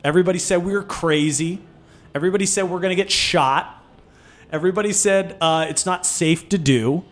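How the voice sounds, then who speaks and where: Guy with a slightly high voice, fired up, cussing, telling stories on a podcast. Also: a little fast. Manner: animated, swears, storytelling. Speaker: food nonprofit co-founder. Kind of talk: casual podcast interview.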